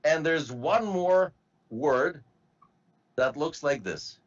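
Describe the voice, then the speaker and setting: A man teaching medical terminology to a class, slowly spelling out word parts and asking students to repeat. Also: fairly high pitch, expressive, muffled recording. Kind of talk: classroom lecture.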